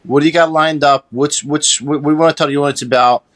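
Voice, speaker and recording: Higher-voiced man hosting an interview. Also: fairly even intonation. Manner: brief affirmations, quick questions. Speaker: host. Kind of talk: interview chat.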